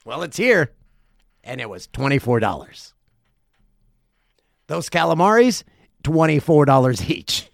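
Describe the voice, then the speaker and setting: Forties male podcast host, lively storyteller with a gravelly voice, dry close sound. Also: a little high, unhurried, pauses often, no echo. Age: 40s. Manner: animated, profane, laughs through the telling. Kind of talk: casual storytelling.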